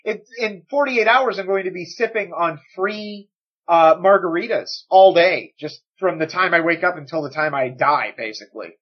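Husky, animated podcast co-host. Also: male voice, high-pitched, moderate pace, highs cut off. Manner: animated, swearing, joking. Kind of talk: casual chat.

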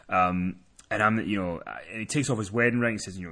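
A man's voice: fairly low pitch, steady tone, fast, bright, forceful tone. Chatty man hosting a podcast recap. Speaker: podcast host. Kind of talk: casual chat.

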